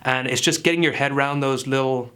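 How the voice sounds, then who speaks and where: Man as a smug male dialect coach in a comedy sketch: bright, forceful tone and earnest lecturing. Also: medium pitch, steady tone, fairly quick, clear, resonant tone, close to an everyday voice. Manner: earnest, confident pseudo-expert lecturing. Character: self-assured clueless male dialect coach. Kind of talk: parody tutorial sketch.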